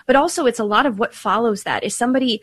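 A woman from Ireland co-hosting a Catholic radio talk show, chatty and quick, laughing easily. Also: a little high, no echo. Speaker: radio co-host.

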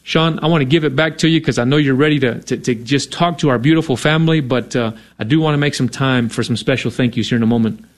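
A man's voice: medium pitch, fast talker. A man co-hosting a radio fundraiser, coaxing listeners to give in an earnest, persuasive way and often adding "right?". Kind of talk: on-air fundraising appeal.

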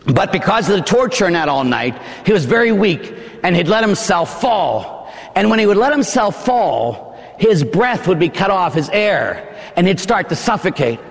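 A man preaching a dramatic sermon, impassioned, acting out the scene with shouts and gasps. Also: high voice, very animated, moderate pace. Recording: long hall reverb.

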